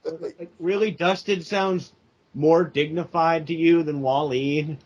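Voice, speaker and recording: A man's voice: on the high side, steady tone, unhurried, darkish tone. A young man co-hosting a casual podcast, rambling and restarting his sentences. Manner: rambling, self-interrupting. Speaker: podcast co-host. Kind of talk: casual chat. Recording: dull lo-fi sound.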